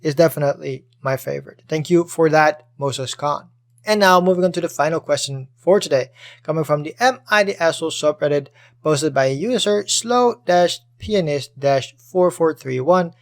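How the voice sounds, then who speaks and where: A man hosting a casual podcast, reading out Reddit posts and reacting to them with chatty, animated commentary full of swearing. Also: fairly high pitch, moderate pace. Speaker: podcast host.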